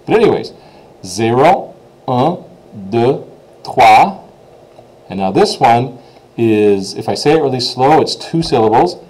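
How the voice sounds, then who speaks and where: A man with English as his first language, giving an informal French pronunciation lesson, chatty, repeating words slowly and checking in with "okay?". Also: medium pitch, animated, darkish tone, rough recording. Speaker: French teacher.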